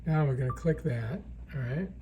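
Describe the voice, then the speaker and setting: A man's voice: medium pitch, lively intonation, normal speed, mellow, slight background noise. A man giving a casual, chatty product demonstration in an indoor room, often checking in with the viewer. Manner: chatty, keeps checking in with "right?". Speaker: product reviewer.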